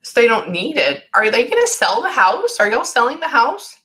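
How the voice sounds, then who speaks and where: A woman giving a casual reading as a psychic medium, halting often to listen and sometimes dropping into soft near-whispers. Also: a little high, sing-song. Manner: halting, keeps breaking off to listen. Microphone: recorded session.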